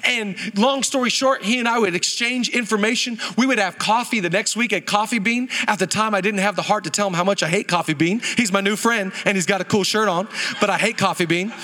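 A pastor in his thirties preaching a sermon at a church service, animated and joking, calling on the congregation to answer back. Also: sits high, fairly quick. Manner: animated and humorous, calls on the congregation for responses.

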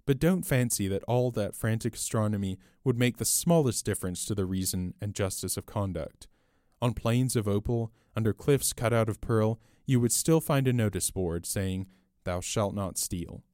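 A man reading aloud and voicing a small, mild older priest with a gentle, apologetic, quietly shrewd manner. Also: on the low side, moderate pace, no room sound, studio quality, close to an everyday voice. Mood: earnest.

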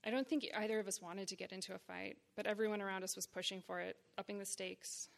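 At a reading series event, a writer from the Boston area, United States, reads from her personal memoir to an audience. Her voice is gravelly and mid-range with a steady tone, and she delivers short, measured phrases deliberately and with blunt frankness.

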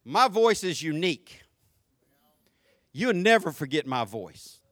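High-voiced Southern preacher. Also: male voice, sing-song, slow pace, dry recording, clean studio sound. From Jacksonville, Florida. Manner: folksy, swings between quiet asides and loud shouted preaching. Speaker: pastor. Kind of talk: sermon.

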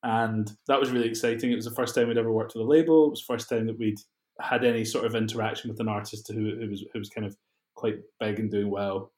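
A young man chatting in an interview, relaxed and laughing often between rambling asides. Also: on the low side, quick pace. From Scotland. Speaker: guest, music producer. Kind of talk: casual interview chat. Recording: roomy echo.

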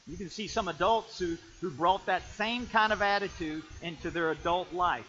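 A male pastor preaching a sermon emphatically, rising to shouts and calling for amens. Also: high-pitched, brisk, hardly any pauses, lo-fi sound, slight background noise. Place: church.

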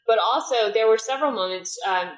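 A woman's voice: fairly high pitch, fairly quick, reverberant, rough recording. A woman co-hosting a casual film review chat, talking in a chatty way with lots of fillers. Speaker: podcast co-host.

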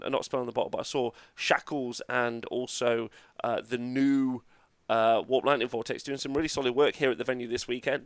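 A man co-hosting a casual tabletop gaming podcast, animated and swearing freely with lots of fillers. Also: medium pitch, clean tone, no room sound, clean studio sound. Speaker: co-host. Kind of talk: casual podcast chat about tabletop games.

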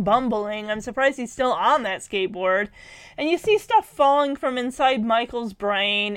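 A woman casually retelling a cartoon episode in a chatty, animated way, peppering her talk with "like". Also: a little high, no echo.

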